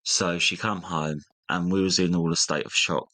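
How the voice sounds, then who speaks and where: A man's voice: sits low, moderate pace, dry recording. A young man casually retelling a family story, acting out what each relative said. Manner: animated retelling, acting out family members' lines. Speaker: guest.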